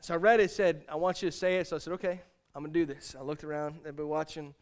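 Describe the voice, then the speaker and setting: High-voiced man preaching an earnest sermon. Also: flat delivery, fast talker. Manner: earnest, repeats phrases, leads the congregation in a refrain. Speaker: pastor.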